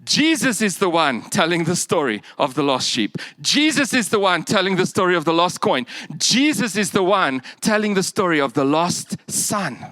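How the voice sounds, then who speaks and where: A man preaching a sermon, animated, with humorous asides and bursts of emphasis that drop to quiet. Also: sits high, moderate pace, few pauses, no echo.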